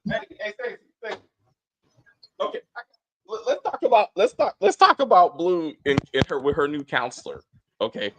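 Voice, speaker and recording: Animated high-voiced man ranting. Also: moderate pace, slight background noise. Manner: animated, profane, acts out scenes in put-on voices. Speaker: show co-host. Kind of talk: casual TV review chat.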